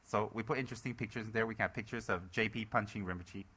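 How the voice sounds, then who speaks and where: A man's voice: fairly low pitch, fast, bright, forceful tone, a little hiss or hum. A man giving a playful Dharma talk as a Buddhist teacher, teasing his students with jokes. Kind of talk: joking Dharma talk to a live audience.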